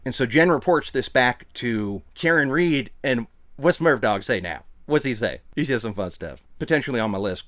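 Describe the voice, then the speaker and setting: Animated man chatting on a podcast. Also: medium pitch. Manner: animated, jokey, does quick impressions. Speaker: podcast co-host. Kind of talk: casual chat.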